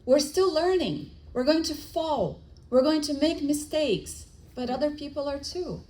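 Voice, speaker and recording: A woman's voice: sits high, measured pace, poor audio. A middle-aged woman giving a spiritist lecture, telling stories and acting out the dialogue, with frequent restarts. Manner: animated storytelling with acted-out dialogue.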